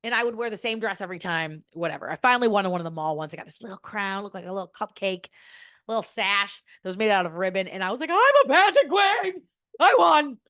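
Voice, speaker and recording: A young woman from Michigan, telling a personal story in a chatty way and jumping into a higher voice when she quotes herself. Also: quick pace, no room sound, studio quality. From Michigan, USA. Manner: chatty, animated, acts out quoted lines in a high voice. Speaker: podcast host. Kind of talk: casual storytelling.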